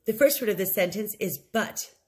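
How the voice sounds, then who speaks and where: A woman teaching an English lesson, modeling set phrases slowly and clearly for learners to repeat. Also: mid-range voice, animated. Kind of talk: recorded language lesson.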